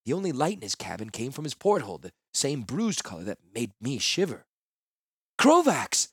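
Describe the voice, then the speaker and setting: A man narrating a first-person fantasy novel in a measured, earnest way. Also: medium pitch, big pitch swings, husky, no echo, studio quality. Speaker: audiobook narrator.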